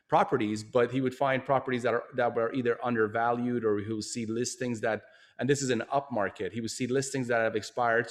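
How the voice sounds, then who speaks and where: A man hosts an investing interview in a mid-pitched voice. He talks things through thoughtfully, pausing on fillers and restarting phrases. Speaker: show host. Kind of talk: interview discussion.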